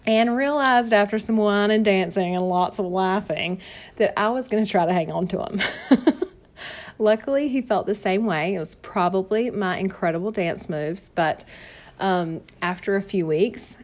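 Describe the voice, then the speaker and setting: A woman in her thirties from North Carolina with a Southern accent, hosting a podcast and telling her personal story in a chatty, friendly way that is quick to laugh, recorded in her home office. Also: lowish voice, darkish tone. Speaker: podcast host.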